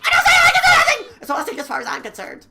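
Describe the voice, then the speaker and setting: A woman voicing a manic, unhinged female serial killer in a fan game playthrough, shrill and cackling with squealing outbursts. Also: wildly swooping pitch, racing, vocal fry, heavy background noise, exaggerated voice. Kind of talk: fan voice-acting while playing a game.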